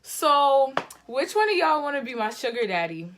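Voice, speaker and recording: A young woman of eighteen with a Boston accent, her voice pitched a little high and swooping up and down as she teases. She talks playfully, setting up deadpan questions over a phone video chat. A faint hiss sits behind her. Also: moderate pace. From Boston, USA. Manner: playful, teasing, deadpan setups. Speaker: vlogger chatting with strangers. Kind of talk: casual video-chat prank. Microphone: phone on a video-chat app.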